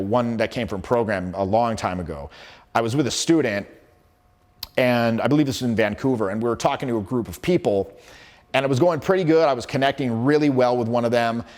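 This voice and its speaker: Man in his forties, casual teaching talk, brisk storytelling, acted quotes, some swearing, mid-range voice. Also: mid-range voice. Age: 40s. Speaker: social skills coach.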